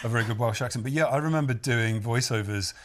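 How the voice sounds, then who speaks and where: A man's voice: mid-range voice, quick pace. A man, a studio guest, telling an amused anecdote in casual chat.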